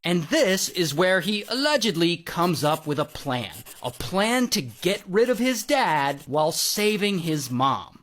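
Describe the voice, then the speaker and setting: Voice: medium pitch, sing-song, measured pace, hardly any pauses, fairly bright tone. A storyteller telling a true-crime story in a casual, dramatic way, throwing in spoken sound effects like blam and pow and talking straight to the viewer. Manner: playful slang, talks straight to the viewer.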